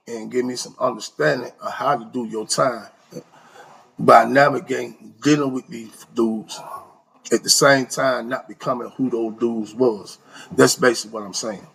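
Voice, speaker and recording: A man telling an animated, slang-heavy story in a casual way, his voice leaping up for emphasis. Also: medium pitch, vocal fry, husky. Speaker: storyteller recounting prison life.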